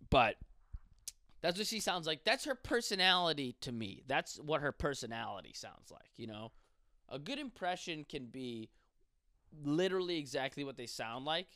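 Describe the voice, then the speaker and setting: A man's voice: mid-range voice, a bit bright, dry recording, clean studio sound. A young man hosting a podcast, rambling through a profane, comedic monologue. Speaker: podcast host.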